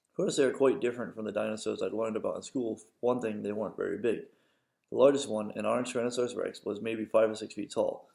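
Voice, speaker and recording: A father reading a novel aloud to his children, steady with occasional slips and self-corrections. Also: fairly low pitch, creaky.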